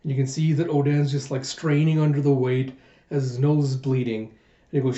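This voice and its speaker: A man's voice: mid-range voice, level tone, a little fast, dark tone. A man hosting a manga reaction, retelling the chapter in a loose, rambling way, in a muffled echoey room recording. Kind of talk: casual recap narration.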